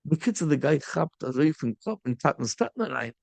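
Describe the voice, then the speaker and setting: Rabbi preaching: male, high and gravelly, animated storyteller, dry close sound. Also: moderate pace, no room sound. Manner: animated storyteller, mixing in Yiddish and Hebrew terms. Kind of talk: sermon storytelling.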